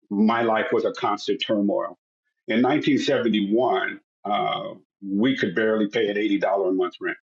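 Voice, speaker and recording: A man's voice: fairly low pitch, highs cut off. Man in his sixties telling his story. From United States. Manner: animated storyteller acting out family voices. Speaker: podcast guest, author. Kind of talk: personal storytelling.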